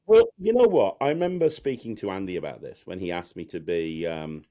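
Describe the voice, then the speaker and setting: A magician, appearing as a guest, chats candidly in a casual interview, rambling, self-deprecating and laughing often. His deep voice is animated, brisk and warm, with lo-fi sound.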